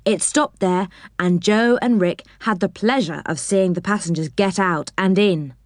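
A woman reading a children's storybook aloud with expressive, animated narration. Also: mid-range voice, a little slow, dry recording, studio quality.

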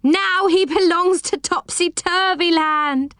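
A woman's voice: very high voice, slow, a bit bright, no echo, studio quality, pitched above the performer's own voice, exaggerated voice. A woman doing gleeful, teasing topsy-turvy folk. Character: mocking crowd of upside-down folk.

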